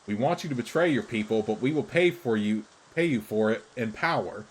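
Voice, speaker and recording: A man voicing a sly creature spy in a fantasy game, speaking in measured, formal, persuasive sentences. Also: mid-range voice, lively intonation, slight background noise, close to an everyday voice, rough recording. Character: sly scheming creature spy urging betrayal.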